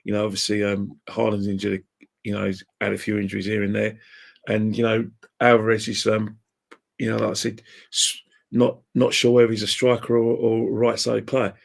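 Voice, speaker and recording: A football fan chats casually as a podcast guest, rambling, sharing strong opinions, and laughing at his own jokes. His voice is fairly low and monotone with vocal fry, at a normal speed.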